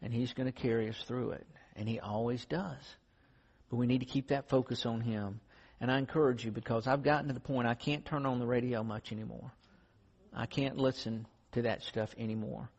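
A man's voice: mid-range voice, steady tone, brisk, gravelly, a little mellow, slightly rough. A man preaching a sermon in an earnest, conversational storytelling way. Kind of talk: sermon with closing prayer. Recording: dull lo-fi sound in a reverberant hall.

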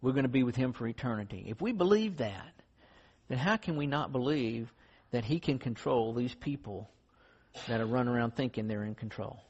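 Speaking fairly quickly in a mid-range voice that is a little mellow with a breathy edge, a man delivers an earnest sermon like he's telling a story, then closes in prayer. The recording sounds dull and lo-fi, with the echo of a large hall.

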